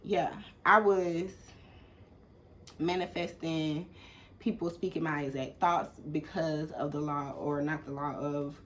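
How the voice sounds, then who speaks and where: A young woman with an Atlanta accent, telling a story in casual vlog style, animated and swearing freely. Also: takes it slowly, a little hiss or hum. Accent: Southern US, Atlanta. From Atlanta, USA. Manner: animated, swearing, acts out quoted people in sudden loud high bursts. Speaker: vlogger.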